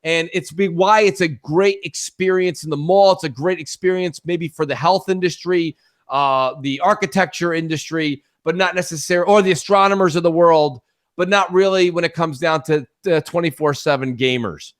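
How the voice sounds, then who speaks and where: A man co-hosting a casual gaming podcast, talking in an animated, ranting way. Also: on the high side, normal speed. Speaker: podcast co-host.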